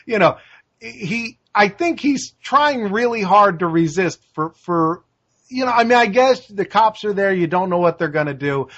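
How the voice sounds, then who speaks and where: A man with a high voice co-hosts a laid-back film review chat. He is animated, jumping into quick character impressions as he retells scenes. The recording sounds a bit dull and lo-fi. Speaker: podcast co-host. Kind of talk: casual movie review chat.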